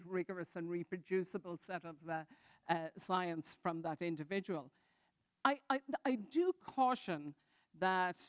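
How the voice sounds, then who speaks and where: A woman on a panel discussion, speaking in a careful, measured way with some fillers. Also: mid-range voice, clear, resonant tone, no echo, clean studio sound.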